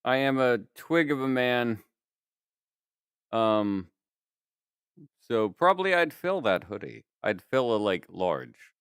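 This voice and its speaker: Young male streamer, clear voice, dry close sound, casual laughing chatter. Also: medium pitch, very animated, takes it slowly, long pauses, a bit bright, no room sound. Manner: rambling storytelling, laughs often. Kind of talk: casual chat.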